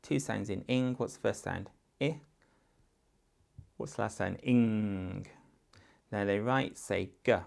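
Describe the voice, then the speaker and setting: A man's voice: fairly low pitch, unhurried, creaky, long pauses. A man with an English accent, a teacher patiently walking parents through a phonics writing exercise step by step. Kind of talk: instructional guidance for parents.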